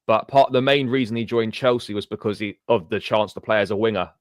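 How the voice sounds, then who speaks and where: A man's voice: on the low side, brisk, dry recording, studio quality. A man, co-hosting a casual fan livestream, matter-of-fact and explaining things. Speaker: fan channel co-host.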